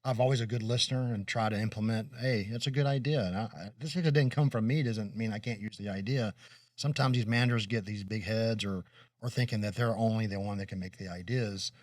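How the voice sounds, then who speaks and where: A man's voice: on the low side, fast talker, no echo. A middle-aged man from Kentucky co-hosting a casual chat, rambling and earnest with many restarts. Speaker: co-host. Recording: dry room, distant mic.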